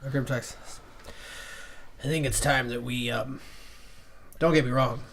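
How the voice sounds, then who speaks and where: A man's voice: medium pitch, fairly even intonation, slow, vocal fry, a bit bright, slight background noise. A man playing in a tabletop game, easygoing and a little hesitant. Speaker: player. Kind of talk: in-character tabletop play.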